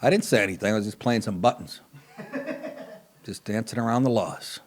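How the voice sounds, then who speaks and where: A man's voice: fairly low pitch, fairly quick. A man hosting a comedy podcast, talking in a profane, rambling, sarcastic way. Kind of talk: casual comedic podcast monologue.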